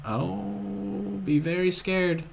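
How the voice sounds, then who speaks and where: A man giving live commentary on his own blitz chess game, excitable and groaning at his own blunders, at a desk microphone. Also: high voice, drawn-out words, creaky, breathy edge.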